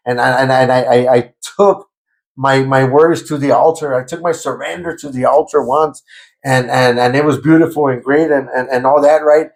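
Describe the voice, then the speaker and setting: With a fairly high, creaky voice, a male guest recounts his conversion in conversation, repeating himself, stammering, and letting Spanish slip in. Reliving the moment of prayer, he becomes loud and fervent.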